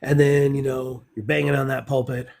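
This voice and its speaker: A man's voice: mid-range voice, normal speed, creaky. A man who teaches Spanish, joking and swearing in a casual live-stream chat over his phone. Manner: joking, profane, animated. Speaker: Spanish teacher, guest caller.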